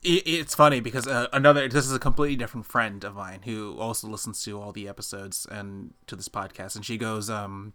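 Bright-voiced man laughing through casual chat. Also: fairly low pitch, fairly quick, hardly any pauses. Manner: laughs often, animated storytelling with quoted asides. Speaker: podcast co-host.

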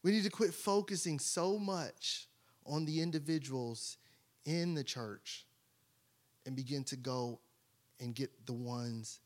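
A male pastor preaching a sermon, asking the congregation rhetorical questions and dropping to a hush for emphasis. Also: mid-range voice, takes it slowly.

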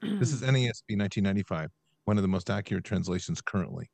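A man's voice: low voice, expressive, racing, gravelly, a little mellow, dry recording. A man hosting a podcast, talking in an impassioned, emphatic rant and reading scripture aloud. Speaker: host.

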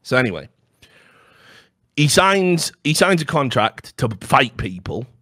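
Animated man ranting comedically. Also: medium pitch, unhurried, no echo, studio quality. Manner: animated, mocking, swears freely, stammers into restarts. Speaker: podcast host. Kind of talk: comedic rant.

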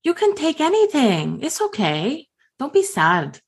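A woman's voice: high voice, wildly swooping pitch, a little slow, pitched above the performer's own voice, full character voice. A woman voicing a cheerful, oblivious young monster girl who talks in clipped, broken sentences. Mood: comforting.

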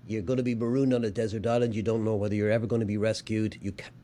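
Mellow-voiced male interviewer. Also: fairly low pitch, flat delivery, very fast. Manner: affirming, with short agreeing backchannels. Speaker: podcast host. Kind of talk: interview conversation.

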